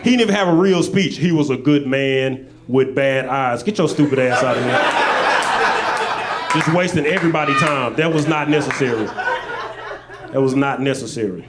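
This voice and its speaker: A man's voice: mid-range voice, normal speed, heavy background noise. Laid-back man telling stand-up stories. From Little Rock, Arkansas. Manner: laid-back, deadpan asides. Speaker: stand-up comedian. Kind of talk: stand-up storytelling. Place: stage at a live show.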